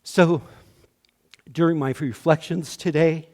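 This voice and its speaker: Slow, soft-spoken man preaching. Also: a little high, steady tone, long reverb tail. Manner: slow, measured, softening to a hush at line ends. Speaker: minister. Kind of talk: sermon. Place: church sanctuary.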